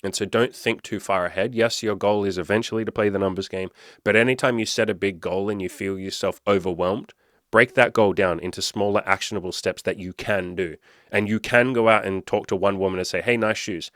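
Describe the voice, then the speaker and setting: A man's voice: fairly low pitch, steady tone, fairly quick, a bit bright, dry recording, studio quality. A man hosting a question-and-answer show, giving blunt, profane dating advice and acting out example lines. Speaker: podcast host answering listener questions. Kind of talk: casual advice monologue.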